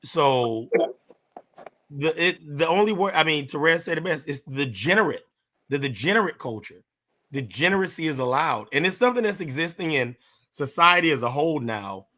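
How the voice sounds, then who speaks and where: A man on a casual panel chat, speaking earnestly and deliberately, pausing to stress his words. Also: a little high, lively intonation, sharp tone. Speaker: panel guest.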